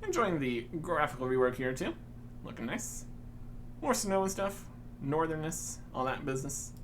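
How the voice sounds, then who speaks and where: A man's voice: fairly high pitch, big pitch swings, moderate pace, fairly bright tone, a little hiss or hum. A man hosting a gaming channel, giving chatty, wry, casual commentary while he plays.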